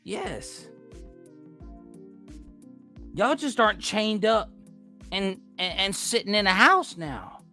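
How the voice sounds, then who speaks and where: An American man on a livestream, ranting hard and cursing freely. His voice is bright and forceful and swings widely up and down as he repeats points and argues with his viewers. Faint music plays behind him. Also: high voice, big pitch swings, slow pace, pauses often. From United States. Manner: ranting, profane, repeats himself, argues with chat. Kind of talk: heated casual rant.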